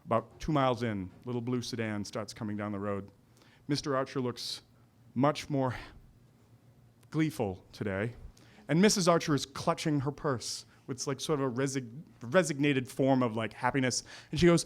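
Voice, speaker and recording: A man's voice: mid-range voice, normal speed. A man telling a funny true story at a live storytelling night in a restaurant, acting out the dialogue. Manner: animated, acts out dialogue.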